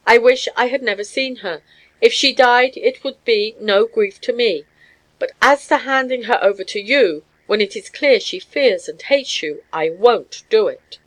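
A woman voicing a gruff, hot-tempered Scottish scholar who speaks curtly and sternly in a storybook reading. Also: a little high, lively intonation, normal speed, close to an everyday voice. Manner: stern, curt.

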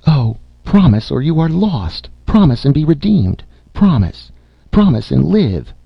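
A man voicing a distraught older aunt who pleads in a high, imploring, breathless voice, in a slightly dull lo-fi recording. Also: expressive, moderate pace, vocal fry, slightly rough, no echo, exaggerated voice. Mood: frantic pleading.

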